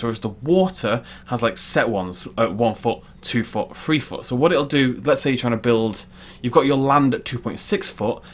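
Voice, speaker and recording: A young man talks his way through a building game in a casual, chatty voice. He rambles, jokes at his own expense and throws in silly asides. There is a faint hiss of noise behind him. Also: mid-range voice. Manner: chatty, self-deprecating, jokey asides. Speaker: gaming YouTuber. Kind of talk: casual let's-play commentary.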